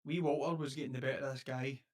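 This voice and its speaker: Scottish bloke chatting fast on a podcast, rambly and sweary, mid-pitched voice. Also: male voice, steady tone, darkish tone. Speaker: podcast co-host. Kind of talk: casual chat.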